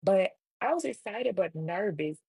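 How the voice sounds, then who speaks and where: Husky gravelly woman telling a story. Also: mid-range voice, measured pace, dry recording. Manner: animated, voices other people in quotes. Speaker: storytime vlogger. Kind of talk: casual storytime retelling.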